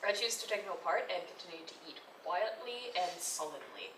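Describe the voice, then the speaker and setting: A woman at a tabletop game, teasing and playful. Her bright voice moves up and down a lot. She sits away from the mic in an echoey room. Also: lowish voice, expressive, a little fast. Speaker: player. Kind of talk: casual tabletop play. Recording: echoey room from far off, faint noise.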